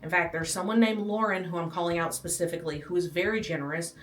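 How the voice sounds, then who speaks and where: A woman's voice: fairly low pitch, steady tone, fast talker, distant mic. Chatty pregnant woman vlogging off-mic. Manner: chatty, self-deprecating, rambling with fillers. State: pregnant, out of breath. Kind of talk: casual nursery tour vlog. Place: small nursery room at home. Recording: roomy, from off-mic, with faint music. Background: air conditioner hum and faint music.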